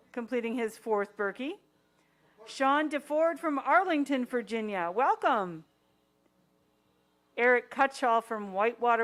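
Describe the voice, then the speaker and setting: High-voiced woman announcing ski finishers. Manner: upbeat, welcoming each finisher. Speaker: finish-line race announcer. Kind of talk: live race-call announcing.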